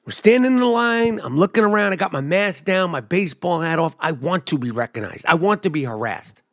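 A middle-aged man spins a profane, animated story, swearing as he goes. His voice sits a bit high, and he jumps up higher when he imitates other people. The recording is close and dry, with no room sound. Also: a little fast, few pauses, no room sound. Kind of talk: profane comic storytelling monologue.

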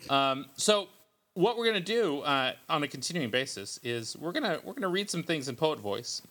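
A man's voice: fairly high pitch, expressive, normal speed, sharp tone. A man hosting a podcast in casual, joking chat, loose and full of ums. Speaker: podcast host.

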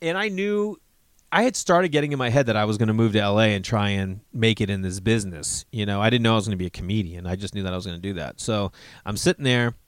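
An American comedian in his forties, his voice on the low side and fast with no room sound, tells a rambling personal story. He swears freely and acts out snippets of quoted dialogue.

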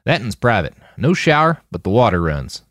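A man voicing a gruff older country man in his fifties with a thick drawl, blunt and grunting. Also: on the low side, big pitch swings, normal speed, fairly bright tone, no echo, studio quality.

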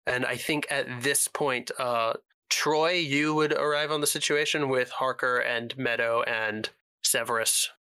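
A man running a tabletop role-playing game, describing the scene in an easy, measured way. His voice is bright and smooth, and the close mic gives a dry sound. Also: medium pitch, no echo. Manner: relaxed, measured, with frequent fillers. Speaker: game master.

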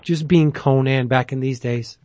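A man's voice: medium pitch, fairly even intonation, unhurried, warm tone, no echo. A man hosting a casual chat who rambles enthusiastically, with plenty of fillers. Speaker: podcast host.

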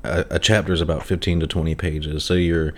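A man hosts a casual interview with a very low voice. He asks his guest questions in a curious, laid-back way. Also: little pitch movement, fairly quick. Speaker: interview host.

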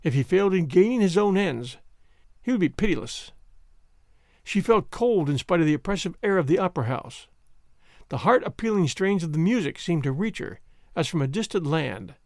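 A man narrates a historical novel with expressive, dramatic storytelling. His fairly high voice moves through a lively, wide range, and the recording is dry and close with little room sound. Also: moderate pace, dry recording. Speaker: audiobook narrator. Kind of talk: scripted narration.

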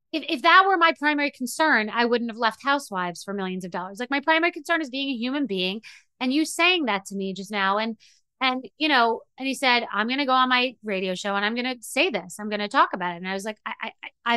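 A woman's voice: on the high side, bright, forceful tone, dry recording. A middle-aged woman hosting a podcast, telling a story in a candid, emotional, rambling way with many restarts. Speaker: podcast host. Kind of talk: candid monologue.

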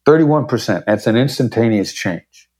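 A man's voice: mid-range voice, animated, moderate pace, a little mellow, slightly rough. A man being interviewed as a negotiation expert, talking in a confident, emphatic way and acting out short examples as he explains. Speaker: podcast guest, negotiation expert. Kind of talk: conversational interview.

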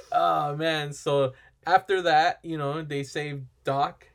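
A man's voice: on the high side, fairly even intonation, takes it slowly, gravelly. A man chatting casually as a podcast co-host, retelling a film plot in a rambling way and acting out the characters' lines. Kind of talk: casual movie recap chat.

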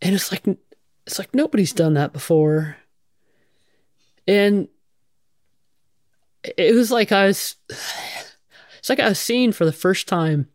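A woman's voice: medium pitch, slow, long pauses, a little mellow, dry recording, studio quality. A middle-aged woman, a firefighter, telling her story frankly in an interview, swearing casually and restarting her sentences often. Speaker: guest, firefighter.

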